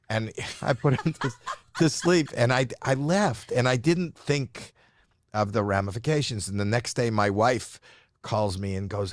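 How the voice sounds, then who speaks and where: Low-voiced man telling a rambling story. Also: moderate pace, no echo, clean studio sound. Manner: rambling, self-interrupting, playful. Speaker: interview guest, comedian. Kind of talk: casual storytelling.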